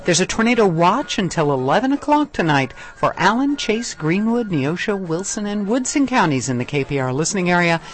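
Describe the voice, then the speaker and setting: A local public radio newscaster reading scripted headlines, weather alerts and station IDs in a measured, clear delivery into a studio microphone. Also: medium pitch, sing-song.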